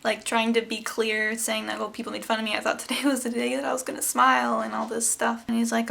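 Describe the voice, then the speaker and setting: A vlogger in her twenties speaks candidly and emotionally to camera, retelling a personal story and quoting other people's lines. Her voice is fairly high, gravelly and a bit bright, with a level tone. She talks fast with few pauses.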